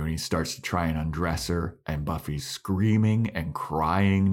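A man's voice: low-pitched, a little slow. A man co-hosting a podcast, casually retelling scenes and acting out the characters' lines. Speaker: podcast co-host. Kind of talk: casual recap chat.

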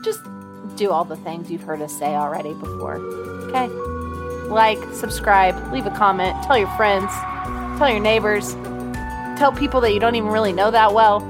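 A woman's voice: medium pitch, normal speed, over music. A woman co-hosting a podcast, chatting casually, joking and laughing often. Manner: giggly, joking, rambling. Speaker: podcast co-host. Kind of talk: casual chat.

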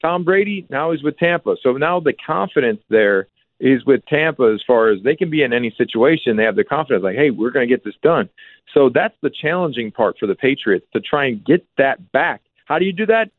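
A man's voice: expressive, brisk, no echo. A man, a former football player, giving emphatic sports analysis as a phoned-in guest on a radio show. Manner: emphatic, repeats names with rising pitch. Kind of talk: casual sports radio chat. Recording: tinny phone line, dry.

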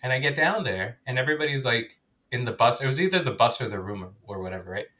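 Male podcast co-host, bright lively voice, animated storyteller, laughs a lot. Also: mid-range voice, quick pace. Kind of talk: casual chat.

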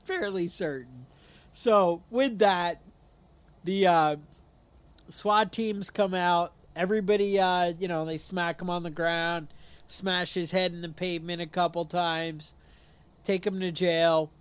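A man from New York, co-hosting a podcast, telling stories in a lively way and acting out what people said. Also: sits high, slow pace, smooth. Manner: animated storyteller, acts out quotes. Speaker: podcast co-host. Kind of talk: casual chat.

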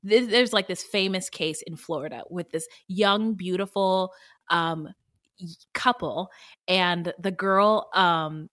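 Bright-voiced woman chatting animatedly. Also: fairly low pitch, slow pace, dry recording, studio quality. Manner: animated, laughs often, bursts into singing and acted voices. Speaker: podcast co-host. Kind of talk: casual true-crime podcast chat.

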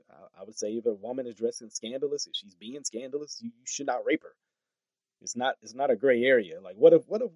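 A man's voice: medium pitch, no echo, highs cut off. Guy doing a commentary vid reading tweets, incredulous, trips over words a lot, dry close sound. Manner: animated, incredulous, stumbles over words with laughs. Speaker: political commentary host.

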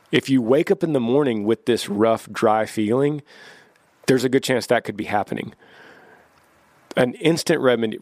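A man's voice: lowish voice, no echo. A middle-aged man, a singer, casually giving practical voice care tips on a podcast, close to the mic. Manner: easygoing, practical, demonstrates voice techniques. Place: podcast studio.

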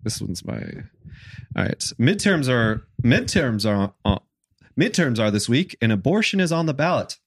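A man's voice: mid-range voice, very animated, moderate pace, breathy edge, dry recording, studio quality. A man comedy writer giving short reactions and fumbling into his own joke. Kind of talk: casual writers-room chat.

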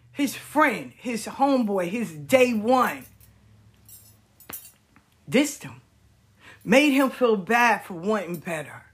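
A woman tells a story in a casual, slangy way, leaning hard on her points. Her voice is husky and pitched a little high. She takes her time, speaking at a slow, unhurried pace. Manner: animated, slangy, emphatic.

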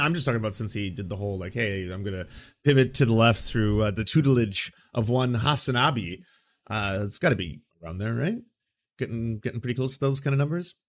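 A man hosting a commentary stream, reacting to clips with sarcasm and mocking asides. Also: lowish voice. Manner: sarcastic, mocking voices of others. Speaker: commentary host.

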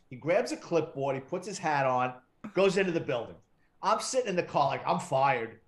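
A middle-aged man, a retired police detective, telling profane, animated stories as an interview guest. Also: a little high, fairly quick. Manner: profane, animated anecdote-telling with quoted dialogue. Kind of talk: casual storytelling interview.

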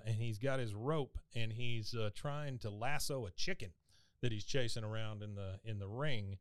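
A man's voice: fairly low pitch, clean tone, no echo. Playful man recapping a cartoon. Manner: playful, acts out character lines in quick bursts. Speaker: podcast co-host. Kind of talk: casual chat recapping a cartoon episode.

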